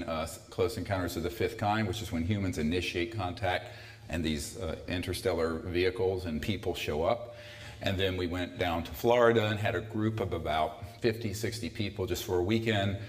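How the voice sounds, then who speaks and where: A man in his sixties with a very low voice gives a talk to a live audience in a lecture hall. He speaks conversationally and drops in dry, sardonic asides. The room is echoey.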